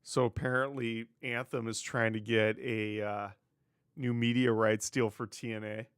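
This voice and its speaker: A man's voice: medium pitch, flat delivery, measured pace, clear, resonant tone, no echo, studio quality. A man hosting his own wrestling news show, chatting casually on his own, sarcastic and swearing freely. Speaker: wrestling news podcast host. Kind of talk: casual solo commentary.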